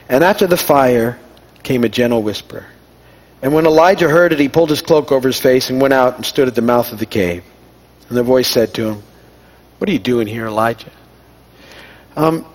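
Preaching informally, this middle-aged pastor speaks in a slightly high voice. He shares personal anecdotes, playing out the dialogue conversationally while poking fun at himself.

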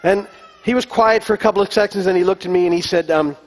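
Pastor with a hesitant, folksy delivery. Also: male voice, high voice, fast talker. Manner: relaxed storytelling with many fillers and restarts. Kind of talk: sermon. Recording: long echo of a large hall.

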